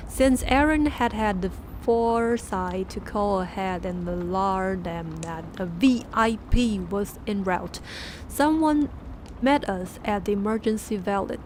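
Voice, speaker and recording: A woman, a Mandarin speaker, reading a book aloud on a stream with halting restarts and chatty asides. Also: mid-range voice, a little mellow, a little hiss or hum. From Taiwan. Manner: laughing asides between passages.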